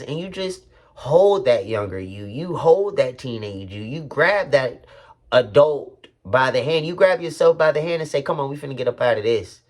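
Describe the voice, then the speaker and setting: A man's voice: medium pitch, a little mellow. Earnest man opening up to viewers. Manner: earnest, heartfelt, talks straight to viewers; streetwise slang with frequent "you feel me" asides. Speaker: vlogger. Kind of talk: candid personal vlog talk.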